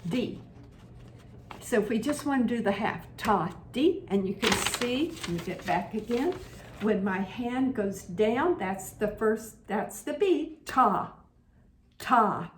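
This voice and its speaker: A woman teaching a children's music lesson, chanting rhythm syllables and coaxing her young audience to clap and repeat after her. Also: a little high. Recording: echoey room with background noise.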